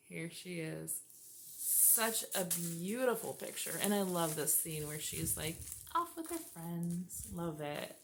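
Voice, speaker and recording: A woman's voice: fairly low pitch, sing-song, slow pace, creaky, a little hiss or hum. A woman vlogger chatting casually as she unboxes birthday gifts, gushing, gasping and laughing often.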